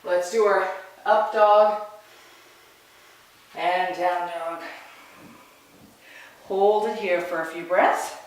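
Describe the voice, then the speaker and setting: Slow calm yoga teacher giving short cues, super echoey room, mic kinda far away. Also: medium pitch, a little hiss or hum. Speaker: yoga instructor. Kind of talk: guided yoga class cues.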